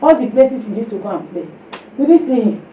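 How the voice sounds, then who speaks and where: High-voiced woman preaching. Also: a little fast, a little hiss or hum. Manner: animated storytelling, acting out voices, exclamations. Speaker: women's fellowship preacher. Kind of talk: sermon with personal testimony. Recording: echoey room, distant mic.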